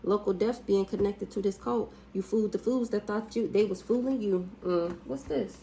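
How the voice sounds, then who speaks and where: A woman's voice: mid-range voice, warm tone, slight background noise, rough recording. Blunt woman doing a spiritual reading. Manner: blunt and profane, with drawn-out hums and exclamations. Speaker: spiritual reader. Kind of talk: casual spiritual reading monologue.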